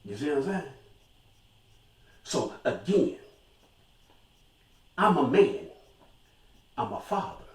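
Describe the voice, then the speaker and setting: A man's voice: a little high, sing-song, slow, long pauses, darkish tone, recorded from a distance. An older man talking to his viewers in a casual monologue, emphatic and repeating his phrases. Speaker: vlogger. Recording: echoey room, voice off mic.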